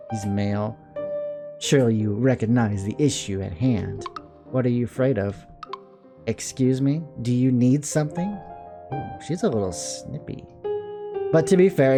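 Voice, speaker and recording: A young man plays through a visual novel, reading the text aloud and cracking wry asides. His voice is gravelly with a mid pitch, and quiet game music runs underneath. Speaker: let's play commentator. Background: soft game music.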